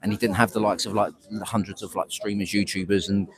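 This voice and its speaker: A low-voiced man speaking quickly, doing a live street report into a phone. His talk runs loose and rambling, full of restarts and fillers. He is outdoors in a town centre. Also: fairly even intonation, a crowd in the background. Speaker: livestream reporter. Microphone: phone on a gimbal.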